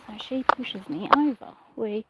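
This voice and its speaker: A woman talks slowly and gently, coaxing her small horse through a training session while she chats to viewers. Her voice is on the higher side. The phone recording has clear outdoor noise behind it. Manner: soft, coaxing praise to the animal. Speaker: horse owner livestreaming. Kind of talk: casual livestream chat while training a pony. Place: outdoors in a paddock. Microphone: phone camera held in one hand.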